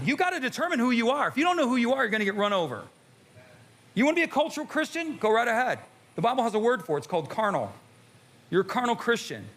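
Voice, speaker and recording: A middle-aged pastor preaches a sermon in a church sanctuary before a live congregation, emphatically pressing them with rhetorical questions. His voice is very high with a fairly bright tone.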